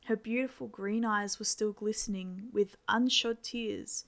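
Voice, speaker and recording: Woman reading a creepy story, gravelly voice, steady and measured. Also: mid-range voice. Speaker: narrator. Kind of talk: scripted horror story narration.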